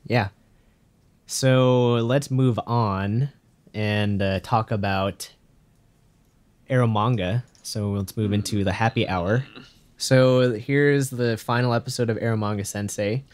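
A man hosting a casual podcast chat, moving between topics in a relaxed way with hesitant fillers. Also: on the low side, takes it slowly. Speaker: podcast host.

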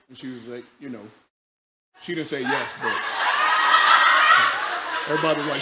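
A man preaching a sermon as a pastor, telling a story that swings from loud, laughing bursts to quiet, low passages. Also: fairly even intonation, normal speed, long pauses. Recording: echoey room with loud background noise.

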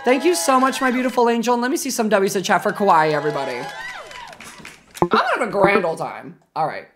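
A woman streaming a game live, reacting loudly and dramatically with shrieks and swearing while chatting with viewers and thanking subscribers. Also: mid-range voice, lively intonation, a little fast, a crowd in the background, noisy background.

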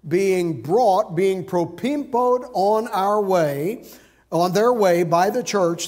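A man's voice: sits high, darkish tone. A male pastor preaching an earnest sermon, explaining scripture step by step.

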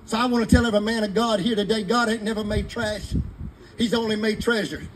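A man's voice: high voice, fairly even intonation, a little fast, a little hiss or hum, rough recording. A man, preaching fervently in a sermon to a live congregation. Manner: fervent preaching in Southern vernacular. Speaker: pastor.

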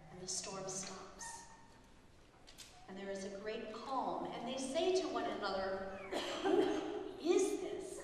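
A woman pastor with a high voice preaches a storytelling sermon and voices the people in her story with lively turns. She is heard from a distance in a large hall with a long, echoing reverb. A faint noise sits under her voice.

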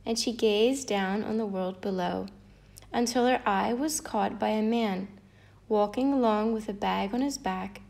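A woman narrating a children's fable in an expressive, lilting read-aloud manner. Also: mid-range voice, a little slow, creaky. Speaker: storyteller. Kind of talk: storybook narration.

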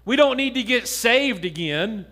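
A man preaching a sermon as pastor, earnest, sometimes dropping to a soft low voice for stories and scripture. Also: expressive, a little slow. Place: church.

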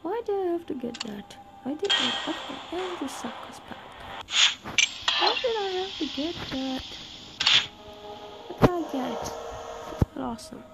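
A high-voiced woman chatters through her gameplay, reacting loudly to every twist. Her voice has a gravelly, fry-laden edge. Loud game music plays behind her. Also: measured pace, pauses often, rough recording. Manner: excitable, exclaims at the game. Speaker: gaming video creator. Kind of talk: casual gameplay commentary. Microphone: computer microphone.

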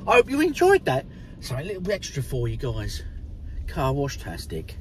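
A man's voice: mid-range voice, wildly swooping pitch, a little fast. A man, chatting jokily to viewers from his car as it goes through a car wash. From England. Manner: chatty, jokey, addresses viewers as "people" and "mate". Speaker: vlogger. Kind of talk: casual vlog chat. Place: inside a car at an automated car wash. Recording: noisy car wash in the background.

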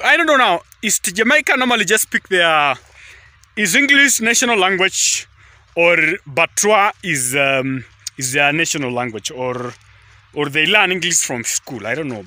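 Bright-voiced East African man vlogging. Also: a little high. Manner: chatty, repetitive, often says "guys" and "just". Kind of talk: casual rambling vlog talk. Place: outdoors beside a highway at sunset.

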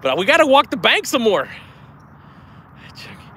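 A breathless man streams live from a riverbank, talking high and lively and laughing often. His voice sounds bright and ringing, with a faint hiss of outdoor noise behind it. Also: normal speed. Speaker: fishing vlogger.

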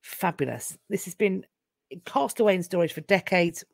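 A woman's voice: on the low side, animated, moderate pace, vocal fry, a little mellow, dry recording, studio quality. A woman with a London accent hosting a casual history live stream, chatty and wry, often breaking off and restarting her sentences. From England. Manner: chatty, wry and self-interrupting. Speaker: history channel host.

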